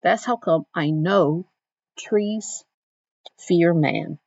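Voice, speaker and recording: A woman reading as quiet, enduring Celie. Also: on the low side, drawn-out words, no room sound, exaggerated voice. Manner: reading a first-person novel passage aloud. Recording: dull dry recording.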